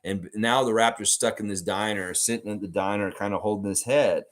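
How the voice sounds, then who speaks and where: A man hosting a live basketball stream, chatting with viewers and telling an improvised story, slipping into quick character voices. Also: on the low side, fairly even intonation. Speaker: sports podcast host.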